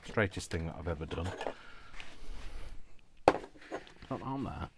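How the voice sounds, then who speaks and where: A man's voice: low-pitched, animated, measured pace, noisy background. A man chatting casually while he crafts at home, rambling and self-deprecating and laughing often. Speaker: crafting YouTuber.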